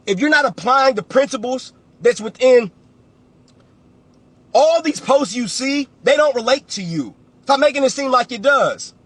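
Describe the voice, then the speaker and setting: A man's voice: very high-pitched, a bit bright, husky, no room sound. A man, a real estate coach giving a blunt, preachy motivational talk on a livestream and repeating phrases for emphasis.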